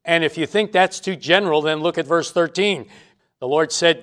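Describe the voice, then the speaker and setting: A man's voice: on the high side, measured pace. Male preacher, teaching sermon, emphatic, repeats points for a congregation. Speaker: pastor. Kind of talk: expository Bible sermon.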